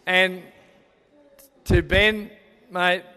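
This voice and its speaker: A man's voice: high voice, flat delivery, very slow, sharp tone. Older Australian man giving a wedding toast. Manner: rambling, sentimental, with many fillers and restarts. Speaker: father of the bride. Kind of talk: wedding speech. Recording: long hall reverb.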